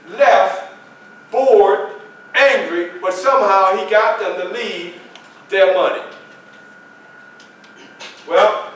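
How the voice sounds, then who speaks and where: An actor playing Frederick Douglass, telling his story in a first-person stage monologue with emphatic, dramatic pauses. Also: high voice, a bit bright, a little hiss or hum. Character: Frederick Douglass, adult male statesman recounting his life. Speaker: historical reenactor. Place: library meeting room, live audience. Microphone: far camera. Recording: echoey room from far off, faint ambience.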